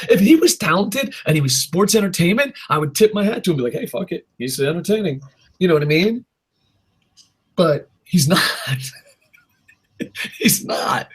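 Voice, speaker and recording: A man's voice: high voice, husky. A man hosting a casual podcast, ranting in a rambling, profane way and laughing at his own jokes. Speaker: podcast host. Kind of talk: casual wrestling podcast rant.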